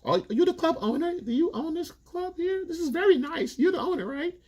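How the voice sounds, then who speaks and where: A man voicing catty, mocking young women at a nightclub in a sugary, fake-sweet falsetto. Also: animated, brisk, darkish tone.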